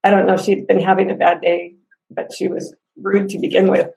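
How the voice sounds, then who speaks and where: Gravelly-voiced woman telling an upset story. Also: mid-range voice, fairly quick, poor audio. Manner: animated storytelling with laughs and acted-out quotes. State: upset, near tears. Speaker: customer telling a complaint story. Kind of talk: casual spoken review.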